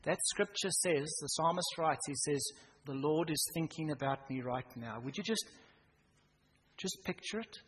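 A man preaching a sermon in church, swinging from loud emphasis down to a hushed near-whisper. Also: a little high, a little slow, husky. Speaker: pastor. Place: church hall. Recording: reverberant church hall, faint noise.

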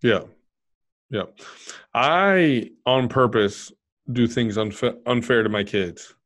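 A man's voice: medium pitch, slow pace. Blunt, swearing man chatting casually. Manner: blunt, swears freely, animated when retelling scolding. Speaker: podcast host. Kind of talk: casual chat.

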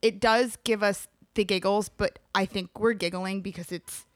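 A woman co-hosting a podcast in casual chat, animated and laughing often. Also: mid-range voice, normal speed, no echo, clean studio sound. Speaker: podcast co-host.

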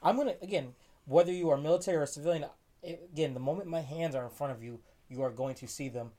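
A man with a slightly raised pitch, talking earnestly in a casual podcast conversation. He builds his case point by point, stumbling and restarting as he goes. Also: quick pace, dark tone. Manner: earnest, argumentative, hesitant restarts. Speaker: podcast co-host. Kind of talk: casual chat.

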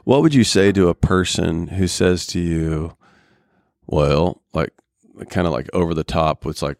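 A man's voice: deep voice, measured pace, creaky, darkish tone, no echo, clean studio sound. A middle-aged man leading a youth group discussion, asking probing, jokey follow-up questions.

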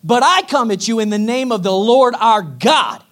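Man doing a fired-up shepherd kid, high and bouncy, totally defiant. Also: animated, normal speed, a bit bright. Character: bold young shepherd boy, defiant.

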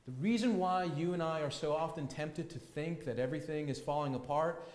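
Male pastor, sermon delivery, emphatic and repetitive, slightly high voice, roomy hall reverb. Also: fairly quick, darkish tone. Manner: emphatic, repeats key words for stress. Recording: echoey hall with long reverb.

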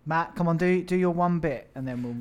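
Sweary, teasing co-host. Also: male voice, a little high, a little fast. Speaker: podcast co-host. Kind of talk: casual chat.

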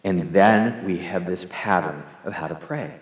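A man's voice: low-pitched, unhurried. A man preaching a sermon to his congregation in a conversational, earnest way, leading them in prayer. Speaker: pastor. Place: church hall. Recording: echoey hall reverb.

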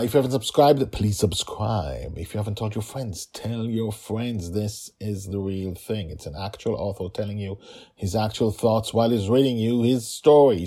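A man, the author, reading his own story podcast with hurried, chatty asides. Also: lowish voice, warm tone, breathy edge. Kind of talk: storybook narration with casual asides.

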